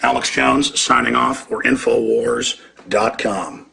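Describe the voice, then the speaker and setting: A man's voice: mid-range voice, steady tone, slow, creaky, sharp tone. A man hosting a talk radio show, speaking with indignant, emphatic commentary. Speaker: radio host.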